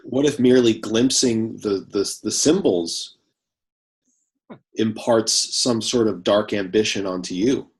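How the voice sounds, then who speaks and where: A man's voice: fairly low pitch, a little slow. A man speaking in character as a tabletop game player, earnest and cautious.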